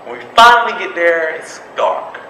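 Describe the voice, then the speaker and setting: A man, giving a personal storytelling speech in an animated way. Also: fairly high pitch, moderate pace. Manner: animated storytelling, acts out quotes. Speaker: public speaking club member. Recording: echoey room with background noise.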